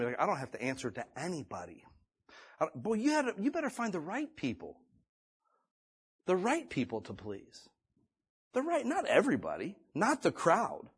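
A male pastor preaching a sermon in a folksy, conversational way, swinging between loud and hushed delivery. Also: on the high side, huge pitch swings, moderate pace, breathy edge. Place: church or meeting room.

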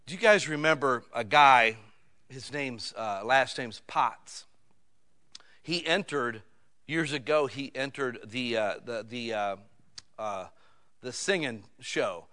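A man preaching a sermon in a folksy, colloquial way, swinging from quiet asides to loud, urgent exhortation. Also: mid-range voice, takes it slowly.

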